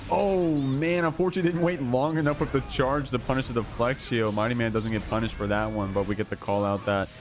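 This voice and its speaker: An American man co-commentating an online fighting game tournament, relaxed and reading chat between matches. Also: mid-range voice, quick pace, over music. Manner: laid-back, easygoing, reads chat aloud.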